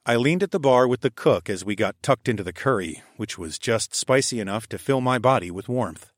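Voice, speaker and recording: A man narrating a first-person story in a steady, even reading voice on a close mic. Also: medium pitch, fairly quick, no echo. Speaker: audiobook narrator.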